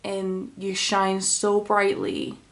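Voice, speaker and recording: A woman voicing a lovestruck male goblin who lives in a dark cave, soft and pleading. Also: medium pitch, monotone, takes it slowly, poor audio.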